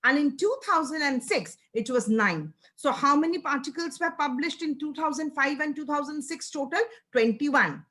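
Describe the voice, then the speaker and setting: A woman's voice: sits high, expressive, normal speed, few pauses, pushed and bright. A woman with an Indian English accent giving an academic lecture, explaining step by step with frequent fillers and restarts.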